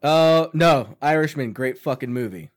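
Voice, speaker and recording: A young man from Long Island, co-hosting a casual podcast chat, animated and swearing freely while acting out quotes. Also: mid-range voice, unhurried. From Long Island, New York. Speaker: podcast co-host.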